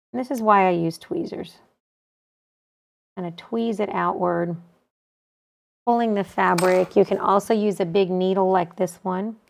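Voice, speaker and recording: Calm woman teaching a sewing step. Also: fairly low pitch, creaky. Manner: calm, practical, talks while working with her hands. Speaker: quilting instructor.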